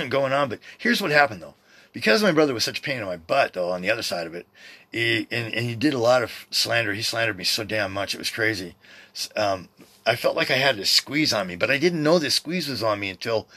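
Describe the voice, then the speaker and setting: A man's voice: lowish voice, bright, forceful tone, no room sound. A man in his fifties hosting a podcast from his home, talking in a loose, meandering way that keeps interrupting itself. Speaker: podcast host. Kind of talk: rambling personal monologue. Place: home room by his computer.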